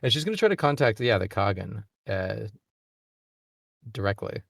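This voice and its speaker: A man playing a tabletop role-playing game, animated and quick to laugh. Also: on the low side, creaky, no room sound, studio quality. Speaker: player.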